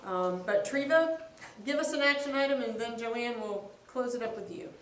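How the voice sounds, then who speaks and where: A woman hosting a seminar panel, speaking in a measured way with some hesitant starts. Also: fairly high pitch. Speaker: seminar host, moderator. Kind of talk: moderating a panel. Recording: roomy, distant mic with faint noise.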